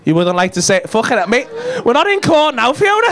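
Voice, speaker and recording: A man's voice: very high voice, big pitch swings, a little fast, a bit bright. A male stand-up comedian doing cheeky, sweary crowd work, teasing the front row with banter. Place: comedy club stage. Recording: live club recording with crowd noise. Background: audience laughter.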